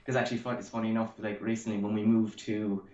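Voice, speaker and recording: A man's voice: lowish voice, flat delivery, quick pace, mellow. A man in his thirties from Cork with an Irish accent, chatting loosely as an interview guest over a video call, full of fillers. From Ireland. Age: 30s. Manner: rambling, full of fillers and likes. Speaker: guest artist. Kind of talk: casual chat. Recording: echoey, dull video call audio.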